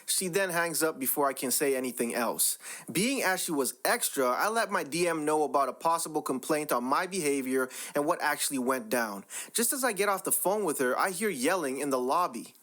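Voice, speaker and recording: Lively voice narrating online stories. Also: mid-range voice, fairly quick. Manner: wry, exasperated storytelling. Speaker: story narrator. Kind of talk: scripted story narration.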